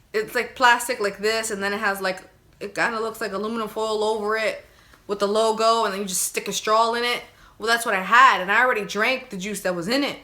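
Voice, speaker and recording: A young woman casually telling her birth story to her viewers, chatty and animated, acting out her own crying and pleading. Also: mid-range voice. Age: young adult.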